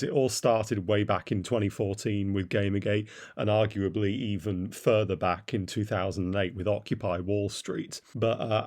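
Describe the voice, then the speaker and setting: A man's voice: fairly low pitch, darkish tone. A man giving a blunt, derisive opinion monologue as a commentator, with frequent "uh" fillers. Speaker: political commentator.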